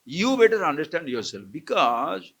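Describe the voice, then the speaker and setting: Speaking at a moderate pace, this swami from India has a somewhat high, sing-song, slightly bright and slightly rough voice. He gives a live scripture discourse at an ashram camp lecture hall, frequently laughing and quizzing his listeners.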